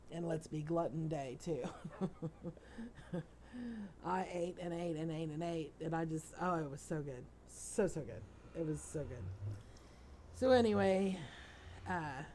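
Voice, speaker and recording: A middle-aged woman with a fairly low, slightly mellow voice hosts a let's play, sounding tired and yawning as she rambles through chatty stories during gameplay. There's a little hiss or hum on the audio.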